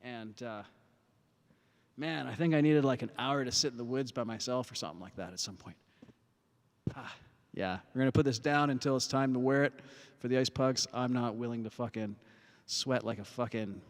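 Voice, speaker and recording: A man's voice: medium pitch, normal speed, pauses often, big-room sound. A man hosting a music livestream from an outdoor parking lot on a phone, chatting casually with lots of swearing and fillers, a bit winded after playing. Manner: rambling, profane, many fillers.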